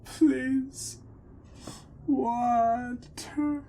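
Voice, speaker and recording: A man voicing desperate, parched dwarf villagers who plead in frantic, high, begging cries. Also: fairly even intonation, drawn-out words, dark tone, a little hiss or hum, exaggerated voice.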